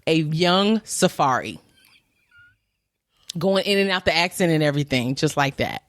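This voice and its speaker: A woman's voice: low-pitched, normal speed, no room sound. A woman co-hosting a podcast, retelling gossip in a casual, slangy way and quoting people as she goes. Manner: animated storytelling, quoting others, slangy. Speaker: podcast co-host.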